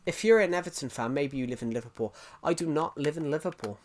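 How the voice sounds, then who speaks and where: A man's voice: on the high side, quick pace. A young man from England with an English accent, rambling casually on a live stream, reading chat messages aloud and swearing casually. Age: young adult.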